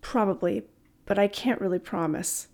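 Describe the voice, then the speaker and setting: A woman reading the lines of a measured, reassuring young police officer in a storybook. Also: mid-range voice, a little mellow, lightly acted. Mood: calm. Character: calm, kind young policewoman.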